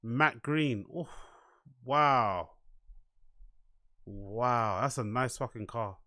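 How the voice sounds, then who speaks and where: A man's voice: medium pitch, drawn-out words, pushed and bright, no echo, studio quality. A man hosting a live stream, reacting casually, swearing freely and repeating himself between laughs.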